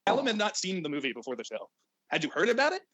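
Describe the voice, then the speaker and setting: A man's voice: high voice, huge pitch swings, racing, fairly bright tone. A young man hosting a casual podcast chat, giggly and self-mocking. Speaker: podcast host.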